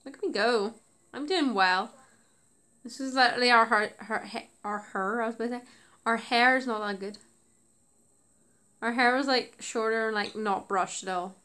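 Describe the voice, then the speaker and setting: A woman's voice: on the high side, normal speed, pauses often, pushed and bright. A woman YouTuber chatting casually about her old videos, rambling with lots of "like" and giggles. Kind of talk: casual reaction commentary.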